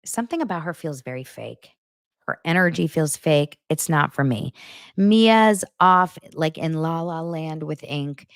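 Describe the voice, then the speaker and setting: A woman's voice: sits low, animated, a little slow, clear, resonant tone, dry recording, studio quality. A woman hosting a podcast, recapping reality TV in a blunt, sarcastic, casual way. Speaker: podcast host.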